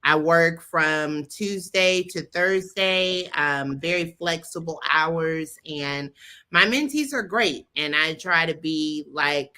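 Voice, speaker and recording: A woman's voice: deep voice, pushed and bright, smooth. A woman guest, a pastor and mentor, speaking casually in an interview over a video call. She is frank and joking and repeats points for emphasis.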